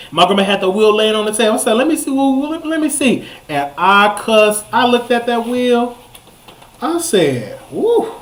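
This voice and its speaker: A young man hosting a talk show, telling a story in a comic rant that jumps up into high exclamations. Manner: animated, jumps to high exclamations, repeats himself. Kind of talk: comedic ranting storytelling.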